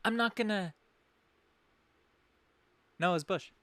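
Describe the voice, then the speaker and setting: A man's voice: high voice, slow pace, bright, forceful tone, no room sound. A man hosting a podcast, telling a story in a rambling, sarcastic way, often correcting himself mid-sentence. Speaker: podcast host. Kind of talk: comedic storytelling.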